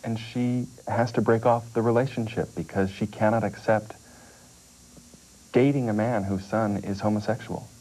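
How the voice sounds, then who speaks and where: A man's voice: on the low side, steady tone, normal speed, a little mellow, poor audio. A man who acts on stage, a guest in a TV studio interview, explaining things steadily. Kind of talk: casual TV interview.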